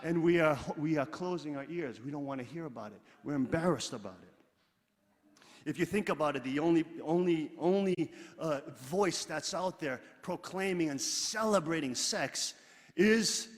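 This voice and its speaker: High-voiced man preaching in a reverberant hall. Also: expressive, moderate pace. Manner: emphatic, repetitive, building to loud peaks. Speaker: religious leader. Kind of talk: sermon.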